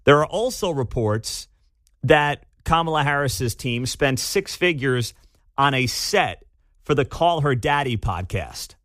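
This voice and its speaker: A man's voice: medium pitch, lively intonation, unhurried, a bit bright, no room sound, clean studio sound. A man hosting a talk radio show, giving sarcastic, opinionated commentary in a chatty way. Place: radio studio. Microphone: studio mic.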